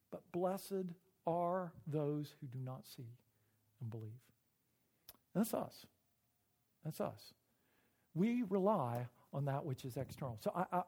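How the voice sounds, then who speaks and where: A middle-aged man preaching a sermon, earnest and emotional, often halting and repeating words. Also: fairly high pitch, mellow. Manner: earnest and personal. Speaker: pastor.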